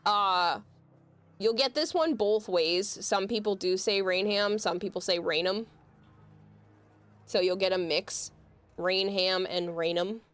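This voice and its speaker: A woman's voice: mid-range voice, slow, pauses often, a bit bright, faint music behind. A woman, chatting casually on a livestream and explaining with amused laughs.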